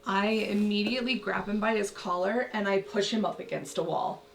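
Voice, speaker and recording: A woman's voice: medium pitch, moderate pace, gravelly, recorded from a distance, a little hiss or hum. A woman playing a tabletop game as a player, speaking animatedly. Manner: animated, laughing in character.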